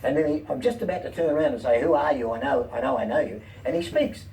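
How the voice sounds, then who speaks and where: An older man, a comedian and talk-show guest, telling lively anecdotes and voicing the people in them. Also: medium pitch, fast talker, creaky. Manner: lively, quotes people in animated voices. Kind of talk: anecdotal storytelling. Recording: distant mic, faint room noise.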